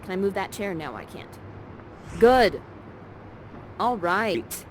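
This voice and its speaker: A woman leads her scene partner with playful chatter and warm encouragement, speaking at an everyday pitch. She is in a ground-floor rental with the door open, and street noise comes in clearly behind her. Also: very animated, takes it slowly. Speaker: actor and guide of a live virtual theater session. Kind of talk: interactive theater hosting.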